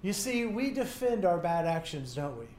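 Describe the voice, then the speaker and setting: A man preaching a sermon, retelling a scripture story and acting out the quotes with lively asides. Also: high voice, normal speed, echoey room, a little hiss or hum.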